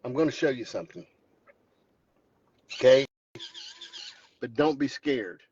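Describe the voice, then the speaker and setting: A husky-voiced man with a Southern Appalachian accent talks into a phone from his truck. He spins a joking, mock-dramatic tale. The sound is slightly dull and lo-fi. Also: medium pitch, unhurried, darkish tone. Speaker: vlogger host. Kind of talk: joking storytelling vlog. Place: in a truck driving home.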